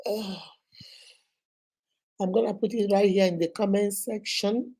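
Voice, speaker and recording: A Nigerian woman in her thirties hosting a casual live stream, chatting and greeting viewers by name, her voice going a little hoarse from a cold. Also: medium pitch, steady tone, unhurried, warm tone.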